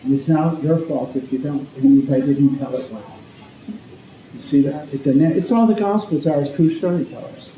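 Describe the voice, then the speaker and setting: Dark-voiced priest lecturing in an echoey hall. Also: male voice, fairly high pitch, moderate pace. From Connecticut, USA. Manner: conversational, checks in often with "okay?". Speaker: speaker, priest and ethicist. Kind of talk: informal lecture. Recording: echoey hall, faint background noise.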